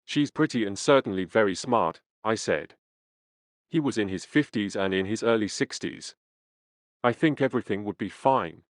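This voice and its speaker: A man reading a first-person memoir aloud as an audiobook narrator, in a measured, earnest way. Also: on the low side, lively intonation, no room sound, clean studio sound. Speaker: audiobook reader.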